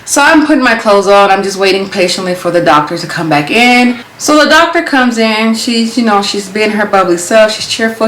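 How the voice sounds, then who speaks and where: A young adult woman telling a story in a casual vlog, animated and acting out her own thoughts as she goes. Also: mid-range voice, moderate pace, few pauses, slight background noise. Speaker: vlogger. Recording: roomy echo.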